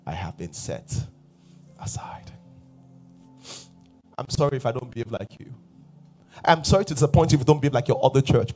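A man's voice: mid-range voice, a little mellow. A male pastor preaching a sermon emphatically, repeating refrains and sometimes dropping to a whisper.

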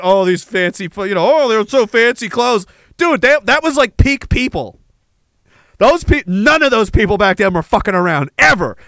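Guy ranting on a livestream podcast, high bright voice, crude and mocking, dry close sound. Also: no echo. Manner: crude, sarcastic, mocking, reads chat comments. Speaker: podcast host. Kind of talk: casual livestream rant.

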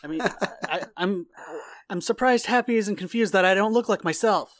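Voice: medium pitch, moderate pace, no room sound. A player at a tabletop game, speaking hesitantly with dry humor in casual chat.

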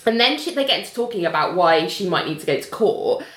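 A woman co-hosting a casual recap chat, telling the story in a lively way and acting out the quotes. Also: lowish voice, fast talker. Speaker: podcast co-host. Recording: echoey room.

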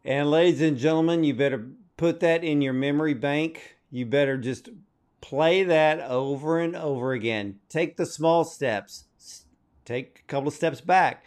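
A man's voice: on the high side, unhurried, a little mellow. A man hosting a motivational podcast interview, addressing his audience emphatically in a preacher-like way. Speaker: podcast host.

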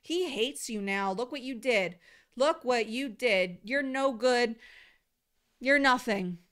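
A quietly sneering devil taunts its listener with mocking lies, put on by a woman mid-teaching. The voice drops lower and softer than her usual talk, with a smooth, clean tone. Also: expressive, slow. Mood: taunting.

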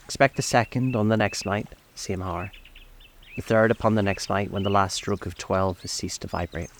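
A man's voice: lowish voice, steady tone, normal speed, a little hiss or hum, lightly acted. A man voicing the chained ghost of an old businessman, speaking in a solemn, grave, lamenting way.

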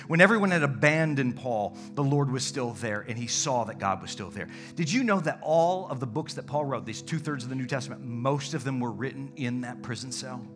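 A man preaching a sermon as pastor, dynamic, swinging between loud calls and hushed, intimate tones. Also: medium pitch.

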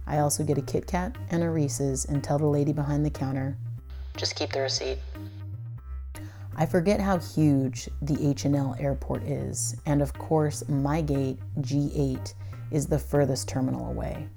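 A woman with a low, gravelly voice narrates her own story. She tells it breathlessly and dramatically, letting a curse slip now and then. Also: fairly even intonation, normal speed, hardly any pauses, dark tone, faint music behind. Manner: breathless, dramatic, swears at times. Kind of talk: first-person storytelling.

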